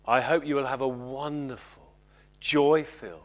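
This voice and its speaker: A man preaching a Christmas sermon at a church service, earnest and often slowing to a near hush. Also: medium pitch, steady tone. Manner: earnest, slows and drops to a hush on key lines.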